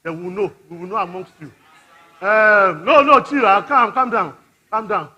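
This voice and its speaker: A man with a Nigerian accent preaching a lively conference sermon, teasing the crowd and having them repeat words back. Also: high-pitched, moderate pace, breathy edge, muffled recording. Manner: playful, teasing, mixes in pidgin and local words. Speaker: conference speaker.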